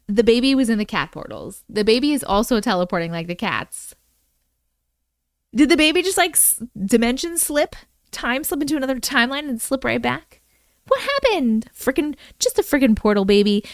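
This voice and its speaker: Lively, chatty woman with a smooth, higher voice. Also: no room sound, clean studio sound. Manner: excitable, exclamatory, reacts to viewer comments. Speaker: livestream host reading viewer stories. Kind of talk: casual livestream chat.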